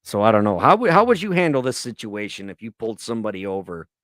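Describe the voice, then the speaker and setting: A man's voice: on the low side, big pitch swings, fast, fairly bright tone, dry recording, clean studio sound. A man in his thirties co-hosting a podcast, telling rambling stories full of swearing in casual chat. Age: 30s. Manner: profane, rambling storyteller. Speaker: podcast co-host.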